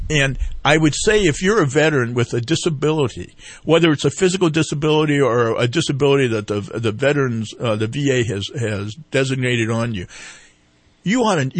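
A veteran with a husky, medium-pitched voice, recorded with no room sound, guests on an easygoing talk-radio interview to promote his fishing group. He's a meandering storyteller who passes along other people's words and loops back as he goes.

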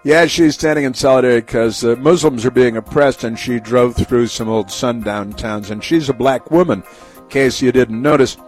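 A man's voice: medium pitch, normal speed, soft background music. A man hosting a talk radio show, delivering an opinionated monologue in a sarcastic, rambling way full of fillers and restarts.

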